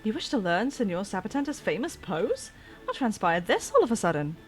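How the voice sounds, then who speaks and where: A woman's voice: mid-range voice, sing-song, a little fast, soft background music, close to an everyday voice. A woman reading as a formal courteous attendant. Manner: formal, old-fashioned phrasing. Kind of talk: reading game dialogue aloud.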